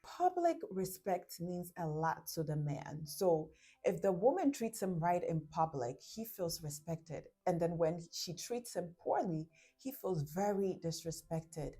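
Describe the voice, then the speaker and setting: A woman talks through relationship advice in a relaxed vlog, her voice sitting a little low. She walks through examples, slips into quoted lines, and keeps asking "right?" Soft music plays faintly underneath. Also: unhurried, breathy edge. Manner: explains with examples and acts out quotes, often tags "right?". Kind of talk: casual advice talk to camera.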